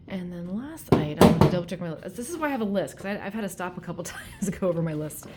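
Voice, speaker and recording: A woman with a somewhat low voice chats casually about her thrift store finds, rambling with plenty of ums and likes. She sounds a little out of breath. It is recorded at home on a phone held in her hand. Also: animated, a little fast, hardly any pauses, heavy background noise. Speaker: vlogger showing a thrift haul. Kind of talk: casual chat to camera.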